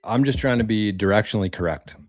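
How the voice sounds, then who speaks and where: A man's voice: lowish voice, quick pace, dry recording. A man hosting a casual live stream, thanking viewers for tips in a rambling way, repeating words and using mild slang. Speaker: livestream host reading viewer tips.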